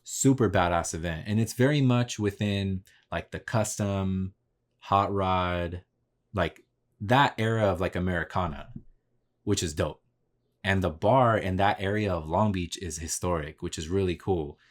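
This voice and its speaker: Replaying talks he's had, a podcast host shares a story in an easygoing manner loaded with slang and cursing. He speaks low and takes his time.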